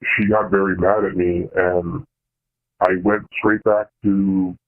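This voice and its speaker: Young male caller, deep and monotone, hesitant and halting, heard over a thin phone line. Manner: halting, hesitant, many fillers and restarts. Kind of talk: personal confession on a call-in show.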